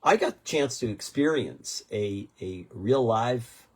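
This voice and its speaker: A man in his sixties, a podcast co-host telling a story in casual chat, rambling and animated with many restarts. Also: mid-range voice, slow, slightly rough. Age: 60s.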